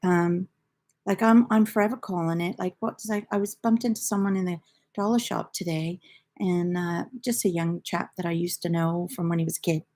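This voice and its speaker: A woman's voice: lowish voice, steady tone, normal speed, darkish tone. An older woman from the United Kingdom, hosting a knitting livestream in a rambling, chatty storytelling way. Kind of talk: casual chat.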